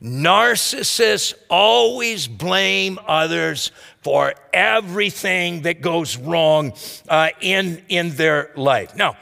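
A male pastor giving a midweek sermon in a lively, conversational way, full of rhetorical asides. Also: on the high side, vocal fry, big-room sound. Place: church.

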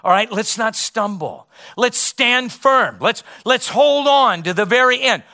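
A middle-aged man preaching a sermon as pastor, emphatic, with rhetorical questions and dramatic pauses. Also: very high-pitched, lively intonation, sharp tone.

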